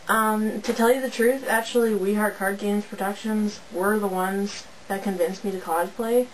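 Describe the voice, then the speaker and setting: A woman's voice: medium pitch, slight background noise, poor audio. A young woman from Canada, a teenage fan club moderator, chatting in a bubbly, rambling way into a camera's built-in mic at home. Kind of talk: casual webcam vlog.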